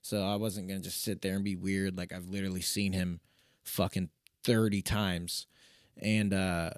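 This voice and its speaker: A man's voice: sits low, level tone, normal speed, dry recording, clean studio sound. A man hosting a podcast in casual chat, talking loosely with lots of swearing and "you know what I mean" fillers. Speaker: podcast host.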